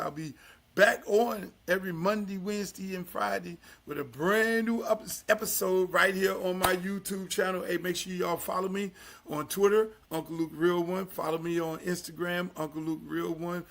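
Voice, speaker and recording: Older male podcast host, high bright voice, loud profane monologue with low asides. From Miami, United States. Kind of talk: casual profane talk-show monologue.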